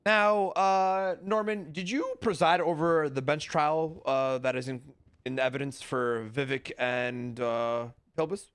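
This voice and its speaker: A man's voice: a little high, fairly even intonation, unhurried, a bit bright, clear, resonant tone, no echo. A man playing a pushy lawyer in role-play court, arguing with theatrical objections.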